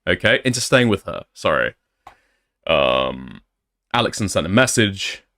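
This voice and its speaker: A man's voice: low-pitched, big pitch swings, unhurried, pushed and bright. Sarcastic male commentator, blunt, reads messages aloud.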